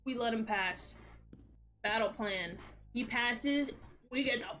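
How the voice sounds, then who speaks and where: A woman's voice: a little high, slow, fairly bright tone, soft background music. A young woman streaming a horror game, reacting with panicked, profane exclamations. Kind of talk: live horror game commentary.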